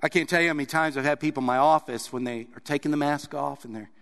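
A man preaching in an earnest voice that sits a little higher than most men's. He presses hard on key points and then eases down soft. The room around him rings with a long reverb. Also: steady tone, fast. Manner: earnest, rising to emphatic stresses then dropping soft. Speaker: pastor. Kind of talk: sermon.

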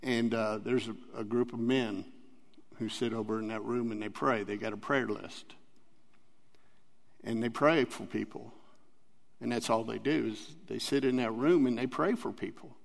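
Man, rambling church testimony, gravelly, long hall reverb. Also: medium pitch, moderate pace. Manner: rambling, earnest, laughs often. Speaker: church member giving testimony. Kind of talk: personal testimony.

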